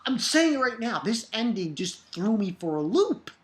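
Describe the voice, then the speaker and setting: A woman giving a casual spoken review of a manga chapter, excitable, swearing freely and restarting her sentences often. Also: fairly high pitch, normal speed, a little hiss or hum.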